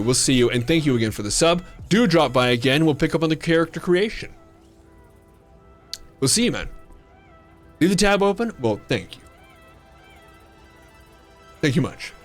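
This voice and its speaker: A man streaming a game live, chatting casually with viewers in a jokey, rambling, playfully flirtatious way. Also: fairly high pitch. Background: faint background music.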